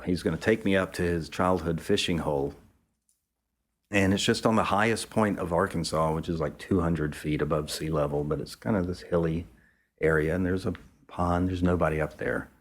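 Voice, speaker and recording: Man photographer guest, low voice, easygoing profane yarn-spinner. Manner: loose, rambling, profane, chuckling. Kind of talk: casual storytelling anecdote.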